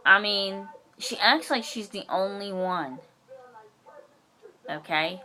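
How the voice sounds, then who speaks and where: A woman venting in a casual vlog, blunt and heated, swearing and acting out her own sharp retorts. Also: mid-range voice, slow pace. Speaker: vlogger.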